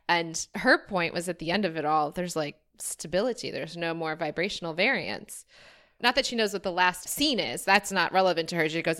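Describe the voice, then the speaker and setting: A woman's voice: lowish voice, normal speed, bright, forceful tone. Chatty woman podcast host. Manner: chatty and informal, laughs easily, uses "like" and "I mean". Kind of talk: casual conversational chat.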